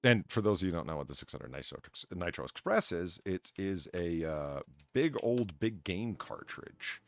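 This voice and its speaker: A man hosting a casual livestream chat, joking and swearing with loud bursts of laughter. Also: deep voice, expressive, normal speed, vocal fry. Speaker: stream host.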